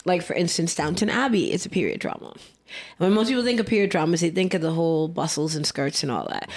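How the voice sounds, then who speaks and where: Chatty woman with a low voice. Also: quick pace. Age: 30s. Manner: chatty, rambling, eats while talking. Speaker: podcast co-host. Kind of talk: casual chat.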